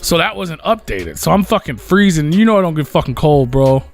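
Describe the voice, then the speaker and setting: Man, podcast host, rambling profane story, slightly high voice, faint music behind. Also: animated, a little fast, creaky. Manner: rambling, profane, acts out quotes loudly. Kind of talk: casual storytelling.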